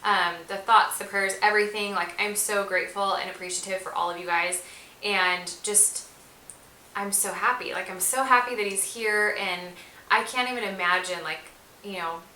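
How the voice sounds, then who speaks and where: A young woman talks casually to her viewers as a vlogger, gushing and leaning on fillers. Her voice is bright and forward. The room is echoey, with a faint hiss under it. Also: medium pitch, fairly even intonation, moderate pace. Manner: chatty, gushing, many fillers like "like". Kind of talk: casual chat to camera.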